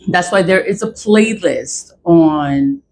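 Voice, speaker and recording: A woman's voice: fairly low pitch, slow, slight background noise, low-quality recording. A woman ranting in a vlog, profane, exasperated and repetitive. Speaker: vlogger.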